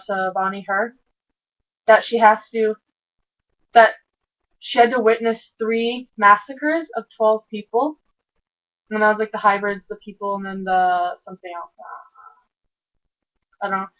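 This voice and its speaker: A woman giving an excitable, rambling recap of a TV episode, full of "like" and tangents. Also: mid-range voice, unhurried, pauses often, highs cut off. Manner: excitable, rambling, heavy use of "like". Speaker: TV episode reviewer. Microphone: camera mic.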